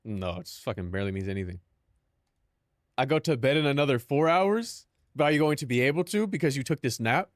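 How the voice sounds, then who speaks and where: A man's voice: mid-range voice, lively intonation, brisk, no echo, studio quality. A young man chatting casually on a live stream, joking and mock-dramatic with lots of filler words.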